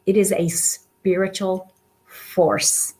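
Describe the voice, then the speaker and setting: A woman's voice: mid-range voice, level tone, slow. Earnest woman sharing heartfelt encouragement. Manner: earnest, warm-hearted and encouraging, with soft laughs. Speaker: guest speaker. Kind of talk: heartfelt casual talk to an audience.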